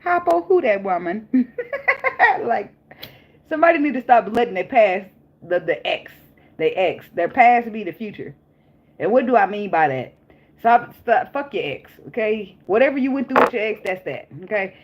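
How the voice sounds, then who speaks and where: A woman's voice: medium pitch, animated, normal speed, lo-fi sound. A young woman reading tarot in a casual, chatty way, blunt and profane, laughing often. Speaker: tarot reader.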